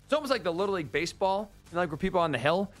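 High-voiced man ranting on sports radio. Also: lively intonation, very fast. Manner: incredulous, ranting storyteller. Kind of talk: sports talk radio chat.

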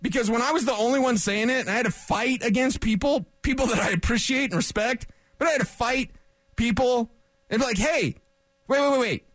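Sports radio host, male, opinionated rant, high pitch, dry close studio sound. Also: a little fast, dry recording. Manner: animated, opinionated ranting. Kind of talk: sports talk radio monologue.

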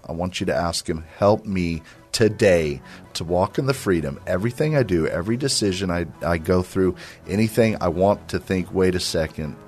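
Deep-voiced earnest Christian radio host. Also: male voice. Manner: earnest, affirming, preacher-like urging. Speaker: radio and podcast host, ministry leader. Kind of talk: Christian encouragement talk with a closing exhortation.

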